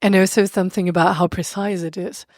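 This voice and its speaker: A woman's voice: fairly low pitch, steady tone, fairly quick, a little mellow, dry recording, studio quality. A young woman with a French accent, a podcast guest chatting casually and animatedly, often laughing and restarting her sentences. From France. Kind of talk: casual conversational interview.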